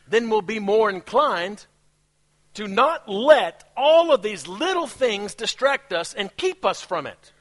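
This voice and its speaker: High-voiced preacher guy w an accent, super lively, laughs at his own jokes. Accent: non-native English accent. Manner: animated preaching with laughs and asides. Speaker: pastor. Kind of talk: sermon.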